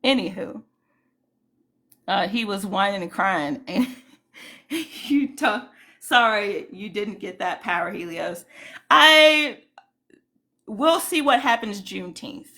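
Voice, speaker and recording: A woman's voice: medium pitch, lively intonation, takes it slowly, long pauses, sharp tone. A woman hosting a casual livestream, greeting viewers and giving indignant, rambling commentary full of fillers. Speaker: livestream host.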